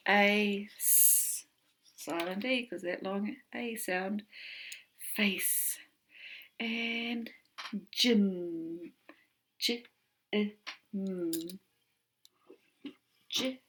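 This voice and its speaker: A woman with a New Zealand accent teaching an online phonics lesson from home, slowly sounding out letters and words. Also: medium pitch, fairly even intonation, bright, forceful tone, a little hiss or hum. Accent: New Zealand English.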